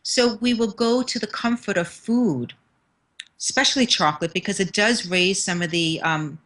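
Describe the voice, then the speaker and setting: A woman with a New York accent talks as a confidence mentor in an interview, earnest and emphatic, often repeating words to drive a point home. Her pitch sits in the middle range. She comes through a video call. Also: normal speed, a bit bright, low-quality recording. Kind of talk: interview conversation.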